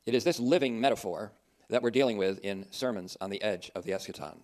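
A man's voice: on the low side, quick pace, darkish tone. A man preaching a sermon in an earnest, emphatic way, with dry asides.

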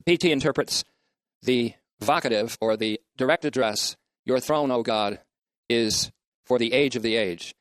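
A man delivers a scripture lesson in a measured, methodical way, pausing to spell out Greek words letter by letter. His voice sits in an ordinary middle register. The sound is close and dry, with no room echo. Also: medium pitch. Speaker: bible teacher. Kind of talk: scriptural lecture.

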